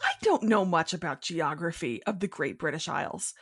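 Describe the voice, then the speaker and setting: A woman's voice: fairly low pitch, lively intonation, normal speed, fairly bright tone, breathy edge. A woman co-hosting a podcast in casual chat, joking and laughing often. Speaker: podcast co-host.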